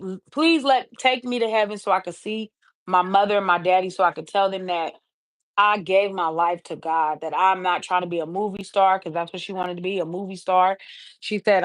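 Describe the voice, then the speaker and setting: A woman host on a livestream earnestly retells a story she heard, returning again and again to "she said". Her voice sits at an ordinary middle pitch. The sound is close and dry, with no room around it. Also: dry recording. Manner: earnest retelling with many repeated "she said" asides.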